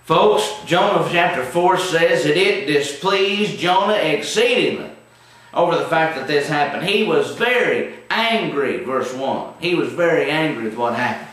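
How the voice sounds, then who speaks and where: Brief: emphatic, folksy male Bible teacher, fairly high voice, heavy echo. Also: expressive, unhurried, a bit bright. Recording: very echoey room, distant mic.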